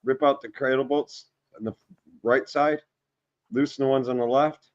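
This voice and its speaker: A man's voice: medium pitch, fairly even intonation, moderate pace, no echo, highs cut off. A man from the Detroit area talking car repair in a blunt, mechanic-minded way, swearing casually. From Metro Detroit.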